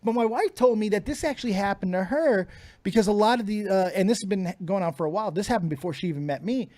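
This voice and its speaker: A man's voice: high-pitched, fast talker, no echo. A middle-aged man co-hosting a casual podcast, swearing freely and laughing often. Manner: profane, laughs often, excitable. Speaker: podcast co-host.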